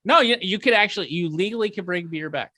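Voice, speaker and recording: A man's voice: sits high, fast, bright, forceful tone. A man hosting a podcast in casual chat, easygoing and steering the talk back on task. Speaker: podcast host.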